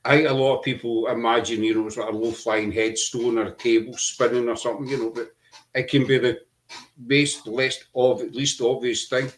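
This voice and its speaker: A middle-aged man hosting a podcast, telling his story earnestly over a video call, halting often with fillers. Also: mid-range voice, level tone. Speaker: podcast host. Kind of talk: casual chat.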